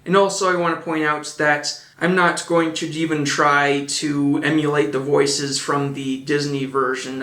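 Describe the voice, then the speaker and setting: A man's voice: on the high side, fairly bright tone, reverberant. A man narrating an old children's story and adding dry joking asides. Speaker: audiobook narrator. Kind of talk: casual storybook reading with asides.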